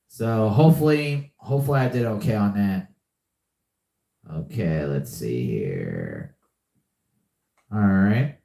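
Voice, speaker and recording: A man's voice: mid-range voice, darkish tone, reverberant. A young man hosting a live podcast, chatting casually and often repeating himself. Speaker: podcast host. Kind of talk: casual live-stream chat.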